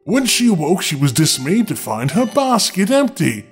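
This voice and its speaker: At normal speed, a high-voiced male storyteller reads a fairy tale with a very lively, rising-and-falling delivery. He keeps breaking off for sarcastic jokes and comic asides while faint music plays underneath.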